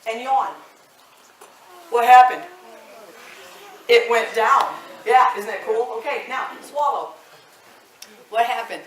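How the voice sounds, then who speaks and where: A woman in her fifties, a voice teacher leading a live vocal workshop, chatty and animated, laughing often. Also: a little high, slow, long pauses. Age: 50s. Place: indoor workshop room. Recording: echoey room, mic at a distance.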